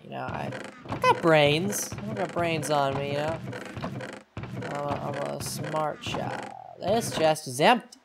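A man's voice: a little high, noisy background. A young man playing a horror game and giving rambling, self-mocking casual commentary into a desk mic. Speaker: gaming YouTuber.

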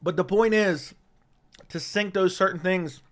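Talking a little slowly in a high-pitched, fairly bright voice, this MMA commentary streamer keeps his casual livestream chat outspoken and blunt. Too much talking has made him sound strained and tiring.

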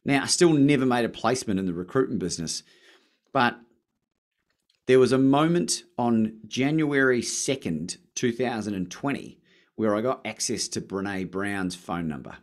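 An Australian man tells his story as a guest on a podcast, in easy, casual talk. He gets animated and acts out his phone calls as he goes. His voice sits in a middle register. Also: mid-range voice, normal speed.

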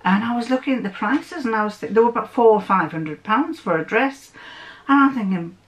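A woman's voice: a little high, animated, a little fast. Rambling older woman from northern England. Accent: Northern English. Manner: rambling, digressive, with frequent restarts and acted-out quotes. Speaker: sewing vlogger. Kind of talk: casual storytelling vlog.

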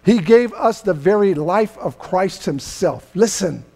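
Older california preacher guy, really high voice, chatty sermon that gets loud and shouty. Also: expressive, measured pace, vocal fry, breathy edge, faint music behind. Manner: loose, conversational preaching that swells into emphatic shouting. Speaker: pastor.

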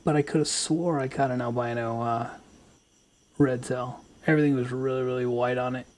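A man's voice: medium pitch, steady tone, normal speed, darkish tone. A man streaming a fishing game, chatting casually, joking and swearing freely. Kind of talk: casual live-stream chat.

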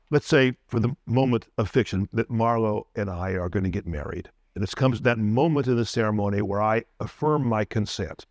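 A man's voice: fairly low pitch, dry recording, studio quality. A man speaking as a panelist to a live audience, explaining things at length with spoken examples. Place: event hall at a live panel.

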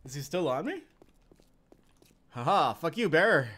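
Excitable Canadian man streaming a game. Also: a little high, normal speed, long pauses, clear, resonant tone. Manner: excitable, yelps and laughs in panic. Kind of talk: live gameplay commentary.

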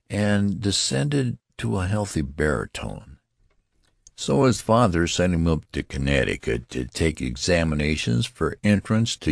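A man giving a measured, steady scripted narration of an audiobook. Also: rumbling low, creaky, dry recording, clean studio sound.

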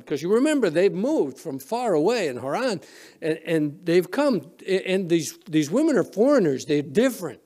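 A man's voice: high-pitched, very animated, moderate pace, dark tone. A male pastor preaching a sermon in a church, retelling a story conversationally with frequent restarts. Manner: storytelling, retelling scenes with quoted voices. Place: church sanctuary.

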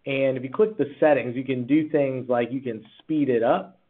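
A man, a teacher, talking casually through a screen-recorded software tutorial with lots of fillers and restarts. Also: medium pitch, normal speed, husky. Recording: tinny, phone-like sound.

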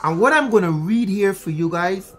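A man's voice: sits high, animated, moderate pace, a bit bright. A man with a Guyanese accent giving a fiery, profane news commentary, repeating his points and speaking straight to viewers. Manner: fiery, repetitive, profane, addresses viewers directly. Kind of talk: heated news commentary rant.

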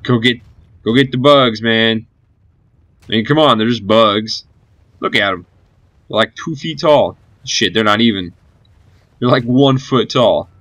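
Slow-talking man calling a strategy game. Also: medium pitch, fairly bright tone, no room sound. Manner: cheers on his units, swears casually. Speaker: gaming channel host. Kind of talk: live gameplay commentary.

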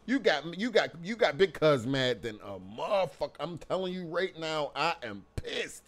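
A man's voice: fairly high pitch, very animated, normal speed. A young man hosting his sports channel, ranting angrily to camera about his team's loss. He curses freely and repeats himself when he gets worked up. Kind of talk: angry sports fan rant to camera.

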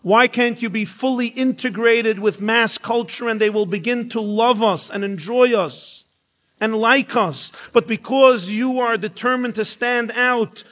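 A shrill, exasperated woman scolds a stranger, her voice pitched high and climbing as she lectures, as a male preacher puts her on mid-sermon. She sounds indignant and insistent. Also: expressive, unhurried, gravelly, hardly any pauses, pushed and bright, full character voice. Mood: scolding.

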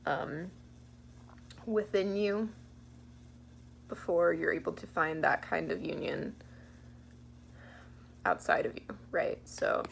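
A woman's voice: lowish voice, slow, gravelly, pauses often, slight background noise. A young woman giving a casual tarot card reading, laid-back and giggly, thinking aloud with many fillers. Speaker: tarot reader.

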